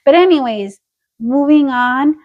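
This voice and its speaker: A woman's voice: high voice, measured pace, dull audio. A woman co-hosting a casual gossip podcast, telling stories and acting out what people said. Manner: animated storytelling, acting out quotes. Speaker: podcast co-host.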